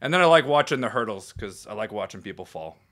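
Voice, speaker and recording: A man co-hosting a loose comedy chat, trading deadpan wisecracks. His voice is bright and clear at an ordinary male pitch, and it moves a lot, rising and dipping through each line. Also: quick pace. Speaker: co-host.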